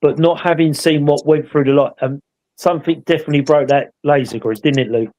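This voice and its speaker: A man tells a story in a loose, rambling way and keeps checking for agreement with tag questions. His voice sits a little higher than most men's. He sounds like an easygoing co-host chatting on a live show. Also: fairly even intonation, a little fast, darkish tone, low-quality recording. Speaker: paranormal investigator co-hosting a live show. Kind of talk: casual anecdotal storytelling.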